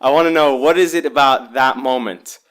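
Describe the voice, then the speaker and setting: A man's voice: mid-range voice, normal speed, fairly bright tone. A man hosting a podcast, asking long, rambling questions with many restarts in casual chat. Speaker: podcast host.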